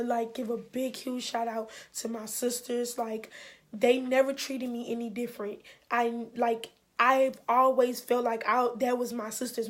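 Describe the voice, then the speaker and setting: Earnest young woman, high flat voice. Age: young adult. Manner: earnest, encouraging, repeats phrases for emphasis. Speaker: vlogger. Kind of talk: heartfelt storytime vlog.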